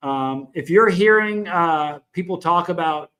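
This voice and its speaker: A man's voice: on the high side, unhurried, sharp tone. A middle-aged man with a Southern US accent, hosting a casual livestream, talking frankly and rambling while greeting viewers in the chat. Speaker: livestream host.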